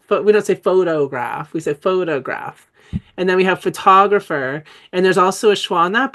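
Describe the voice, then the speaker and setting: A middle-aged woman leads a live webinar on spelling, talking in a chatty, unscripted way. She often stops to correct herself and laughs at her own slips. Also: lowish voice. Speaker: dyslexia educator.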